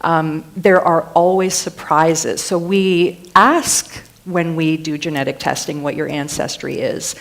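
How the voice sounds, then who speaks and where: A woman with a fairly low voice speaks easily on a discussion panel. She is relaxed and conversational and drops in casual asides. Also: a little slow, vocal fry, few pauses. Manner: relaxed, chatty, with "you know" asides. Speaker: genetics panelist.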